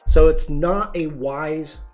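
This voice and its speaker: A man's voice: on the high side, slow, a little mellow, faint music behind. A man hosting a live-streamed photography tutorial, chatty and demonstrative, greeting viewers and answering chat as he shows poses.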